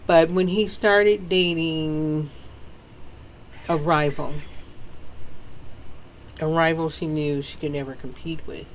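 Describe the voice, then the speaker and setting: A woman author from the American South with a Southern accent, telling stories casually in a sassy, animated way with frequent laughter. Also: deep voice, takes it slowly, long pauses, a little hiss or hum, rough recording. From Southern United States. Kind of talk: casual storytelling.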